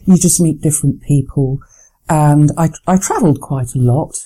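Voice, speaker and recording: A middle-aged English woman answers interview questions in a measured, articulate way. Her voice is very dark and mellow. She pauses and restarts now and then while collecting her thoughts. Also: low-pitched, breathy edge, poor audio. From Lancashire, England. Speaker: former continuity announcer, guest.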